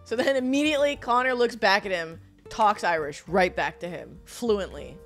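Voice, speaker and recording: A woman co-hosting a podcast, telling a story in casual chat, animated and swearing freely as she acts out the people in it. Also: medium pitch, moderate pace, soft background music. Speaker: podcast co-host.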